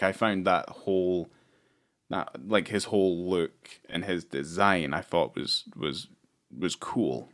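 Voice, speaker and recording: Deep-voiced rambling male podcaster. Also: fairly bright tone. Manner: rambling, swears often, many fillers. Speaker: podcast co-host. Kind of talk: casual film review chat.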